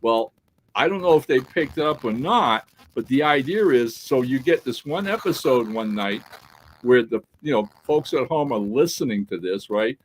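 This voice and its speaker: Male podcast co-host, mid-range voice, animated storyteller, casual chat. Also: mid-range voice, normal speed, a little hiss or hum, low-quality recording. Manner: animated storyteller who acts out quoted dialogue; peppers talk with "right?" and "all right?".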